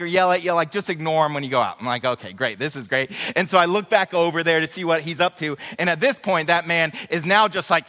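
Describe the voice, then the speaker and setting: A man preaching a sermon, his voice sitting high and bright. He tells stories in a loose, joking way, with plenty of "uh" and "like". The sound rings with long reverb from a big church hall. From Northwest Arkansas. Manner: casual, joking storyteller with many fillers. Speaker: pastor. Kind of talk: sermon with storytelling. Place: church sanctuary.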